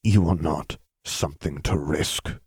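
A man's voice: deep voice, lively intonation, normal speed, a little mellow, husky, no echo, studio quality. A man voicing a stern middle-aged father, tight-lipped and hissing, afraid for his son. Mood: pleading. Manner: hissed, tight-lipped pleading.

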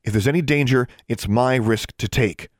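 A man's voice: medium pitch, normal speed, dry recording, voice pushed up, lightly acted. A man voicing a determined young woman who shields her brother, speaking earnestly and pleadingly in a storybook reading with a dry, close sound. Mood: firm. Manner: earnest, pleading, then gently coaxing.

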